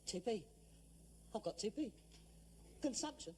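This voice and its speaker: An actor playing a frustrated grown son who believes he is gravely ill, talking in an exasperated, theatrical, self-dramatising way, in 1960s television sitcom acting. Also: high-pitched, animated, measured pace, warm tone, a little hiss or hum. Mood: melodramatic.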